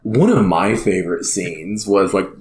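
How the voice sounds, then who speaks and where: A man's voice: low voice, expressive, unhurried, darkish tone. Laid-back man in an echoey room. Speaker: podcast co-host. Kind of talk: casual gaming chat. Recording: roomy echo with faint background noise.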